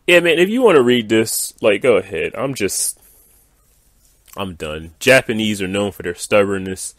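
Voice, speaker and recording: Deep-voiced, exasperated man ranting. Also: lively intonation, moderate pace, a bit bright, dry recording, studio quality. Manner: exasperated, dismissive, lots of fillers. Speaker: gaming video creator. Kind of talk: ranting commentary reading viewer comments.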